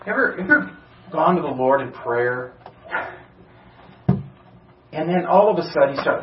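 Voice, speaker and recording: A man's voice: fairly high pitch, lively intonation, measured pace, long pauses, noisy background. A male pastor preaching an earnest sermon, building to urgent emphasis with rhetorical questions, recorded in a church. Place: church sanctuary. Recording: roomy, distant church sermon recording, slightly dull.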